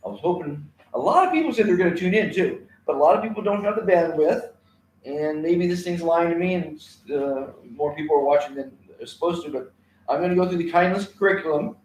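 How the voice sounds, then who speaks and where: A man's voice: fairly high pitch, fairly quick, a little mellow. Rambling man teaching in an echoey room. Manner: rambling, repeats words, many fillers. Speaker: kindness class teacher. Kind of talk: live stream lesson.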